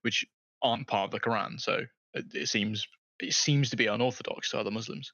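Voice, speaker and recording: A man co-hosting a casual podcast over a remote call, talking in a relaxed way and hedging a lot with "like". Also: mid-range voice, brisk, gravelly, dry recording, lo-fi sound. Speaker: podcast co-host. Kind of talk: casual discussion.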